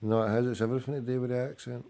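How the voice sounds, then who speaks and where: A man's voice: mid-range voice, flat delivery, very fast, dark tone. A man hosting a casual radio show, swearing constantly and teasing his guest bluntly. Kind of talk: casual chat.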